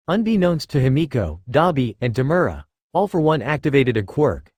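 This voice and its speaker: A man narrating a fan-fiction audiobook with expressive storytelling. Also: medium pitch, normal speed, hardly any pauses, breathy edge, no echo, studio quality.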